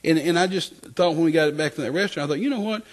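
An older man from West Texas, preaching and telling his testimony as a lively story, often repeating phrases. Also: fairly high pitch, rapid-fire, slight background noise. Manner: animated storytelling, repeats phrases, acts out quotes. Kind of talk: sermon testimony.

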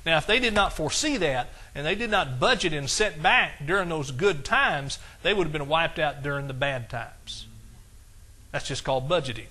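A man's voice: on the high side, animated, normal speed, sharp tone, breathy edge. A middle-aged man with an East Texas accent preaching a sermon in a folksy, exclamatory way, quoting scripture. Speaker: pastor.

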